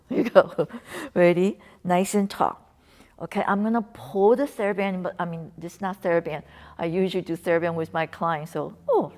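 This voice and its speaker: Woman coaching a breathing lesson. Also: fairly low pitch. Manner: coaching, encouraging, slips into soft whispers on cues. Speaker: wellness instructor.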